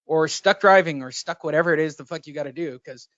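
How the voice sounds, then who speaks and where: A man with a fairly high voice chats loosely on a podcast, cursing and joking through his stories. The sound is dull and lo-fi and dry, with no room around it. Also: fast, fairly bright tone, dry recording. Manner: profane, joking storyteller. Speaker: podcast co-host. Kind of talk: casual chat.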